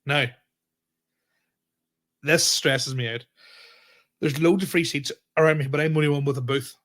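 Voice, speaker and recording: A young man with a Northern Irish accent, telling a story on a podcast in animated, sweary casual chat and acting out what people said. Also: a little high, moderate pace. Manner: animated, swearing, acts out quoted exchanges. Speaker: podcast host.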